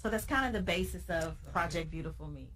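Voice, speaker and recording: Earnest lower-voiced woman mentor. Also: expressive, fast talker, a bit bright. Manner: earnest, encouraging. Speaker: guest, mentor for girls. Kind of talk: interview answer.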